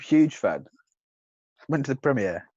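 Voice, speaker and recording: Dry, teasing man with lively pitch. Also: unhurried, no echo. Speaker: podcast co-host. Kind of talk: casual banter. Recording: dull lo-fi, dry close sound.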